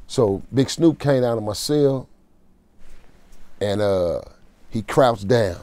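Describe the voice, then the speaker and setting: A man tells a raw story from his time in jail, speaking street slang with a dark, mellow tone. He sits close to a dry, deadened mic. His voice sinks low and quiet through the heavy moments. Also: moderate pace, no echo. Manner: street slang, emotional prison storytelling, drops to a low murmur. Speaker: interview guest. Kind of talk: storytelling in a casual interview.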